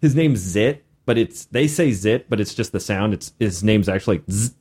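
A man hosting a podcast in casual chat, animated as he tells stories of running a game and acts out his players. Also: fairly low pitch, moderate pace, slightly rough. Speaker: podcast host and game master.

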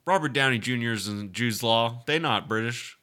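A man's voice: mid-range voice, normal speed, pushed and bright. A man co-hosting a casual gaming podcast, joking and swearing, sometimes reading news aloud. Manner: swearing, laughing, jokey. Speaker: podcast co-host.

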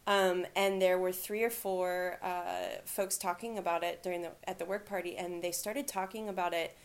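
A woman co-hosting a casual podcast talks at length, rambling with many fillers and laughing often. Her voice is fairly low, with fairly even intonation and a moderate pace.

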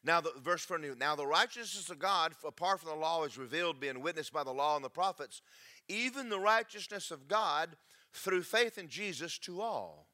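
A man preaching a sermon, emphatic and preachy, swinging between loud and soft. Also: a little high, animated, moderate pace. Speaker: pastor.

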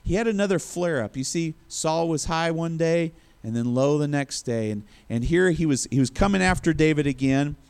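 A man's voice: fairly high pitch, expressive, normal speed, few pauses, a little mellow, clean tone. A male preacher giving a sermon in a conversational storytelling manner. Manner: conversational storytelling, acts out quotes.

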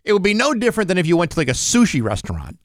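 A man's voice: high-pitched, huge pitch swings, very fast, no room sound, studio quality. A man co-hosting a morning radio show, arguing his point in casual chat. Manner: opinionated, argues his point.

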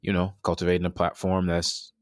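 A man in his thirties speaks in a low, monotone voice, fairly quickly, recorded dry with clean studio sound. Candid and conversational, he tells a personal story in an interview, reflective and earnest, with fillers and restarts.

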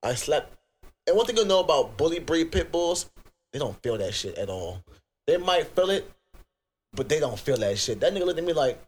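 High-pitched young dude w a virginia accent, cussing up a storm, hosting a podcast. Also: male voice, moderate pace. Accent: US Southern, Virginia. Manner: profane, animated storytelling with outbursts. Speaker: podcast co-host. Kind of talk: crude comedic podcast rant.

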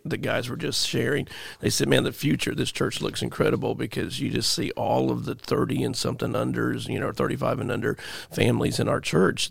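A man's voice: mid-range voice, vocal fry, no echo. A man, a pastor, talking earnestly in a rambling way on a church podcast. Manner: rambling, earnest, many fillers. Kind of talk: casual podcast chat.

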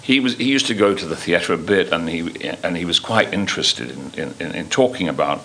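An older man telling stories from his life to an audience, halting and full of restarts. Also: sits low, expressive, bright, forceful tone. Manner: halting, full of restarts and ums, acts out quoted voices. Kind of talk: anecdotal storytelling.

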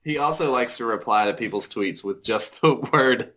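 A man's voice: medium pitch, moderate pace, pushed and bright. A man in a casual podcast chat, playful and laughing often as he jokes.

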